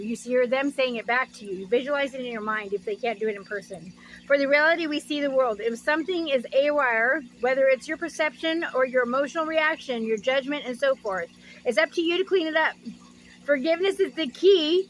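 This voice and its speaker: A woman's voice: high voice, a little fast, fairly bright tone, slight background noise. A woman giving an oracle card reading, reading card texts aloud and breaking in with gushing, reflective asides.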